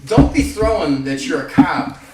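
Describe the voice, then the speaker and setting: A man telling rambling, profane stories in casual chat, growing loud and heated. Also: fairly high pitch, lively intonation, moderate pace, far from the mic, very noisy. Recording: echoey room, voice off-mic.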